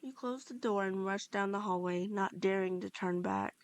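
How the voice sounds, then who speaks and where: A woman's voice: mid-range voice, moderate pace, clean tone, no echo. A woman narrating a second-person fan-fiction story, reading steadily with small slips and restarts. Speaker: fanfiction reader.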